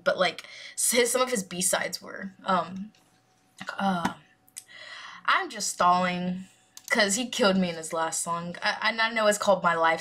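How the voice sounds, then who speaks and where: A woman's voice: on the low side, a bit bright. A young adult woman who hosts a music reaction channel, chatting casually in a rambling, gushing way with lots of fillers.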